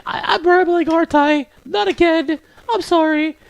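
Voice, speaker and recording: A man voicing a shy, bookish teenage girl in a high falsetto, hesitant and apologetic, in a visual novel read-aloud. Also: normal speed, gravelly, dry recording. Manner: hesitant, stammering, rambles then apologizes.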